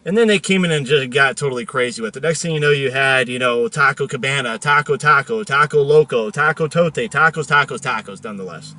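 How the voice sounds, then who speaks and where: Animated, bright-voiced man telling a story. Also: medium pitch, fairly quick, hardly any pauses. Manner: animated, joking, chatty. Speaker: host. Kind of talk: casual storytelling monologue. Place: in a car.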